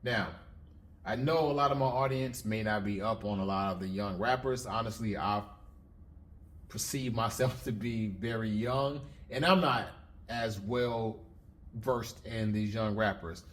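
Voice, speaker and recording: Low-voiced man explaining things methodically. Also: a little slow, a bit bright. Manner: methodical, explains step by step with frequent restarts. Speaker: host of a lyric breakdown channel. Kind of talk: casual explanatory commentary.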